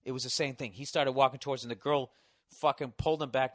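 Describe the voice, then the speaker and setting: A man's voice: mid-range voice, steady tone, fast, no room sound, studio quality. A man streaming, telling a story in a crude, swearing casual rant and stumbling over repeated words.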